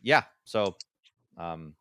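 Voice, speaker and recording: A man's voice: deep voice, animated, extremely slow, a bit bright, clean tone, no echo, clean studio sound. A man co-hosting a gaming podcast in casual chat, rambling with many fillers and restarts. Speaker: podcast co-host.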